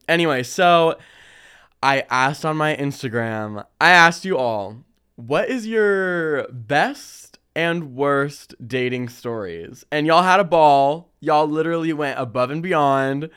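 A young man hosting a casual chat, reading listener stories and telling his own with lively slang and frequent laughter. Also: on the high side, slow, clear, resonant tone. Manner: animated, laughs often, chatty slang. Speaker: podcast host.

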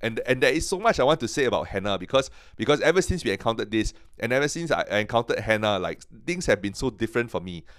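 A man's voice: medium pitch, no room sound, studio quality. A man teaching from the Bible on a podcast, earnest and eager, who often stops and repeats his words as he goes. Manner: earnest, halting, many restarts and repeated words; grows excited and emphatic.

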